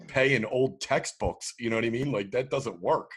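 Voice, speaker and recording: Man, husky voice, mid pitch, stumbling restarts, swearing, casual podcast banter. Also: a bit bright. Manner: rambling, halting restarts, crude swearing. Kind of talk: casual comedic chat.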